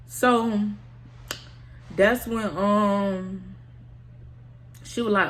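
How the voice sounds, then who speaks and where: Speaking a little slowly in a mid-range voice, a woman tells a personal story for her casual storytime vlog. She's slangy and candid and frequently addresses viewers directly. Slight background noise can be heard.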